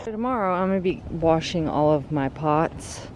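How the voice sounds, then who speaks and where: A woman's voice: low voice, animated, moderate pace, over music, low-quality recording. A woman vlogging casually while working in her backyard garden, chatting and thinking aloud. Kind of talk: casual yard-work vlog. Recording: loud outdoor noise.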